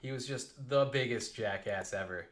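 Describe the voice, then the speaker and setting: A young adult man telling a rambling, animated story while playing a game on a live stream. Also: mid-range voice, normal speed.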